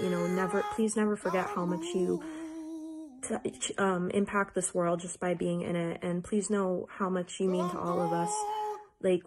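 Woman, lowish voice, flat delivery, earnest, emotional tribute. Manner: earnest, emotional, repeats herself for emphasis. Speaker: friend giving a tribute. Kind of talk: heartfelt get-well message.

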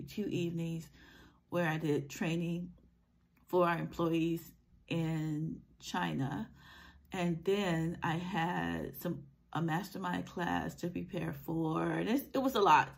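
Gravelly low-voiced woman with a scratchy throat. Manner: earnest, encouraging, conversational. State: scratchy throat from a sinus cold. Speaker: life coach. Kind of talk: motivational vlog talk.

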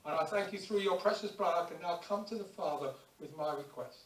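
A man preaching a lively sermon in a church, acting out little everyday scenes and prayers as he goes. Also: high voice, brisk. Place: church hall. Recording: echoey church hall, distant mic.

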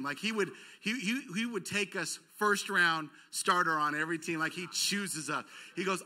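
Speaking at a moderate pace, a man delivers a sermon built around a story in a church auditorium. His high voice rings with a very bright quality, and he jokes at his own expense while vividly acting out the yells and cries of the people involved.

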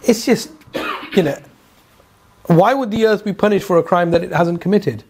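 A man's voice: sits high, normal speed, a little mellow, a little hiss or hum. A man teaching a Quran lesson, telling the story with rhetorical questions, asides and hesitant repeated fillers. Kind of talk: religious lecture.

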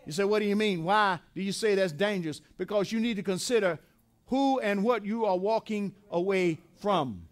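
High-voiced emphatic male preacher. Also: normal speed. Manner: emphatic preaching with repetition and call-and-response questions. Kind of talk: sermon. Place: church sanctuary.

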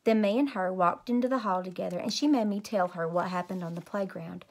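A woman teacher reading a children's chapter book aloud as a bedtime story. Her narration is lively and expressive, and her voice sits at an ordinary pitch for a woman. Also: fairly quick.

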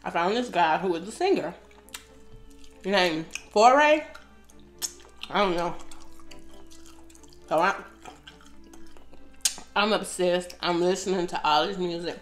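A woman's voice: lowish voice, slow pace, pauses often, roomy sound, soft background music. A middle-aged woman hosting an eating video, chatting to viewers between bites with lots of appreciative hums. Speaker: mukbang host. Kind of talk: casual eating chat.

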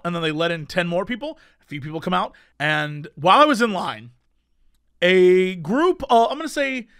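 A man co-hosting a podcast, telling a story in casual chat with animated swings between loud bursts and mumbled asides. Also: high voice, no echo, studio quality. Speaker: podcast co-host.

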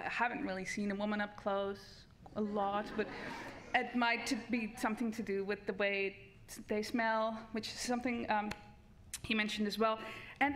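A woman's voice: fairly high pitch, fairly bright tone, a little hiss or hum. A woman researcher giving a comic debate speech on a festival stage, full of hesitant restarts and wry humor.

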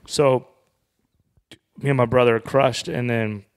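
A man's voice: mid-range voice, steady tone, measured pace, clean tone. A man who is a comedian, a guest on a podcast, telling a story in a casual and profane way.

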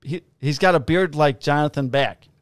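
Profane cop telling stories, dry sound. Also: male voice, fairly high pitch, moderate pace, dry recording. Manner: profane, animated storyteller who acts out quotes. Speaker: police officer and podcast co-host. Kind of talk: casual chat, storytelling.

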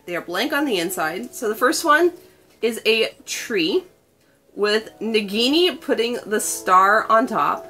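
A young woman talks her way through an unboxing with gushing, breathless delight, gasping at every reveal. Her voice sits a little high. Soft music plays faintly underneath. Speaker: unboxing vlogger. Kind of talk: excited unboxing chat.

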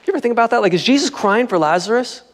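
A man's voice: very high-pitched, lively intonation, racing, long reverb tail. A man preaching a sermon as pastor, in a conversational, joking style. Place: church sanctuary.

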